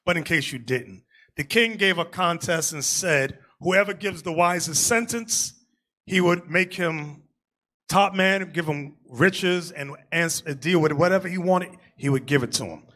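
Male bishop preaching, high bright voice with a very lively pitch, shouts during jokes. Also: unhurried. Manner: animated, joking storytelling with shouted asides. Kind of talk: sermon.

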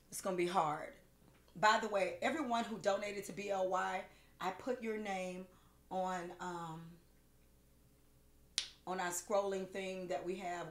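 A woman hosting a cooking livestream, chatting casually, with gushing, rambling thanks full of fillers, emotional and close to tears. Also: fairly low pitch. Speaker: cooking show host. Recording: roomy echo with faint music.

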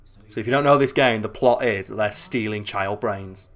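A man giving excitable, sweary, joking commentary while playing a video game. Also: lowish voice, moderate pace. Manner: excitable, sweary, jokey asides. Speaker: gaming channel host. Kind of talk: let's play commentary.

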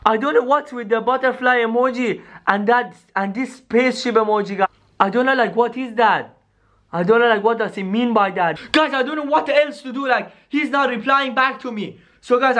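A very high-pitched male YouTuber narrates a scripted scary skit. He speaks to his viewers in an excitable rush, full of "yo" and "guys". He keeps the camera audience close the whole way through.

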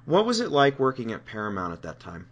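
A man's voice: mid-range voice, huge pitch swings, quick pace, lo-fi sound. A man interviewing an actress, asking polite, admiring questions.

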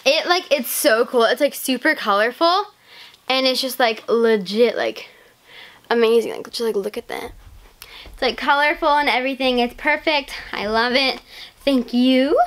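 A teenage girl vlogging casually to camera, gushing and excitable, full of "like" and "legit.". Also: high-pitched, normal speed. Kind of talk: casual haul vlog.

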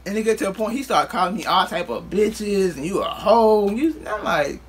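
A man's voice: high voice, expressive, fairly quick, a little hiss or hum. A man vlogger telling a casual storytime in loose, profane street talk, acting out what others said.

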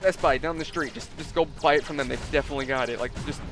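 A man's voice: fairly high pitch, fast, a bit bright. Chatty man telling a work story. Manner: chatty, profane, acts out customers in quotes. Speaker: gaming channel host. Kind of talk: casual story-telling over gameplay.

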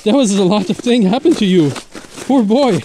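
Middle-aged guy, joking around on a family vlog, lively ups and downs, noisy outdoor camera audio. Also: high-pitched, normal speed. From Québec, Canada. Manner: playful, teasing, laughs often. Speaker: family vlogger. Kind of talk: casual family vlog chat. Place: snowy forest trail outdoors.

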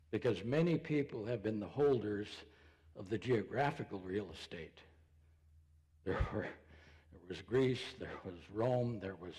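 A male pastor preaching a sermon, posing rhetorical questions in a slow, deliberate way. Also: mid-range voice, mellow, husky, in a large hall. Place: church sanctuary.

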